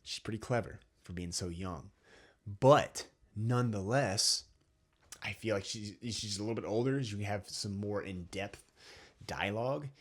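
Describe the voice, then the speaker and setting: A man's voice: lowish voice, a little slow. A young adult man giving an opinion monologue as a channel host, lecturing and checking in with "okay?" again and again. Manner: lecturing, repeats "okay?" often.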